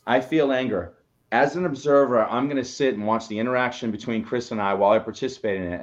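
Emphatic man coaching on a dull line. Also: mid-range voice. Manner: emphatic, preachy, swears. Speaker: co-host, coach. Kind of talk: motivational live show talk.

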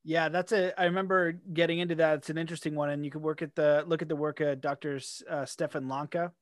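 A man's voice: on the high side, fairly even intonation, quick pace, dry recording. A chatty man hosts a casual conversation in a slightly raised voice. He rambles and acts out his own reactions as quotes. The sound is dry and close. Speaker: podcast host.

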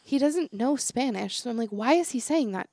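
Expressive and a little high, this young woman's voice moves at a moderate pace with a slightly mellow quality, recorded dry in studio quality. As a teacher and podcast co-host, she tells stories chattily, acts out quotes, and laughs often.

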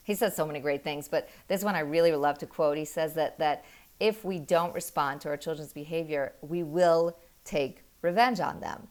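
A middle-aged woman and mother explaining parenting in an earnest, animated way, telling stories with quick laughs. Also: low voice. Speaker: parenting guest. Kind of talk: conversational explaining.

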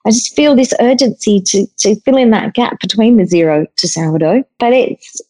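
A woman in casual podcast chat over a video call, telling stories in a chatty, expressive way. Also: mid-range voice, moderate pace, rough recording. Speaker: guest cook and author.

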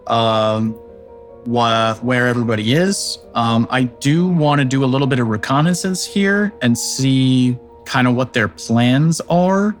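A man's voice: mid-range voice, measured pace, faint music behind. A young man playing a tabletop game, talking through his plans in a thoughtful, hedging way. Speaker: player. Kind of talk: casual tabletop game talk.

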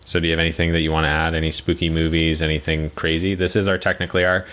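A young man co-hosting a podcast in casual chat, telling stories with swearing and sudden high mocking voices. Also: rapid-fire, smooth. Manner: animated storytelling, swearing, jumps into high mocking voices for quotes. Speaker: podcast co-host.

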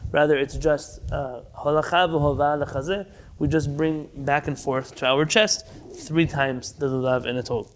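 A man's voice: on the high side, steady tone, moderate pace, slight background noise. A man teaching a Torah class as a lecture, telling stories with energy and sprinkling Hebrew terms into his English. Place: United States.

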